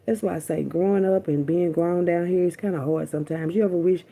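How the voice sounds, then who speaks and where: A woman's voice: lowish voice, steady tone, a little fast, vocal fry, dark tone. A woman vlogger talking candidly and bluntly to her viewers, chatty and profane, often repeating herself. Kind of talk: candid casual storytelling to viewers.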